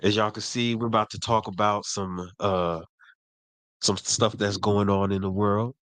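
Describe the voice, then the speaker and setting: A man's voice: lowish voice, level tone, unhurried, dry recording. A man co-hosting a podcast in a laid-back, easygoing chatting manner. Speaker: podcast co-host. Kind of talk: casual chat.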